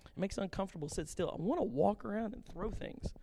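A pastor preaching a sermon with passion and jokes, animated and lively in his delivery. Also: sits high, fast, gravelly, a little hiss or hum. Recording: long reverb of a hall.

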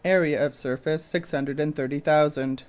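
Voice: medium pitch, fairly even intonation, normal speed, darkish tone, close to an everyday voice. Reader doing a dutiful captain, careful and a bit hesitant. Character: dutiful, submissive male army captain. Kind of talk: audiobook character reading.

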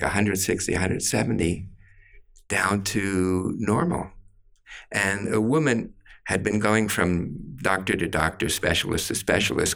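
Deep gravelly older man telling a story. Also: fairly bright tone. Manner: slow, deliberate storytelling. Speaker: therapist and author. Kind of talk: storytelling in an interview.

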